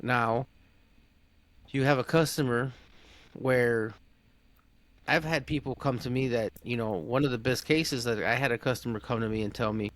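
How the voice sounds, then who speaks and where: A man's voice: mid-range voice, steady tone, normal speed, pauses often, no room sound. A man, an automotive diagnostic technician, talking as a guest in a casual podcast conversation, blunt and emphatic, often restarting his sentences. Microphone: podcast microphone.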